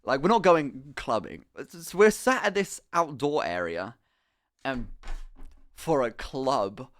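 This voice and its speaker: A young man, streaming live and telling a story in an animated, rambling way, swearing often and breaking off into asides. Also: medium pitch, takes it slowly. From England. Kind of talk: casual storytelling to a live chat.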